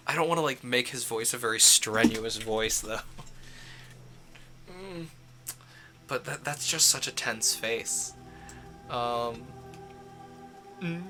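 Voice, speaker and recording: Guy chatting slowly over game music while he builds a character, keeps laughing at himself. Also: mid-range voice, pushed and bright. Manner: rambling, chuckling at his own jokes. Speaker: streamer. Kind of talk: casual gameplay commentary.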